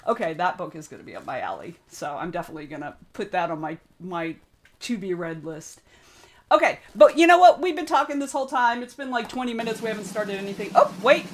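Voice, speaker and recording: A woman's voice: mid-range voice, lively intonation, fast. A woman from the United States with a Southern Georgia accent, chatting casually on a livestream, greeting viewers by name and rambling between topics. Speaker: streamer and author.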